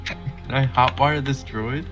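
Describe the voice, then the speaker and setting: A man of middle pitch plays a tabletop game, chatting casually and joking. He keeps clearing his throat between questions, with faint music under the talk. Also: fairly even intonation, takes it slowly. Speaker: player.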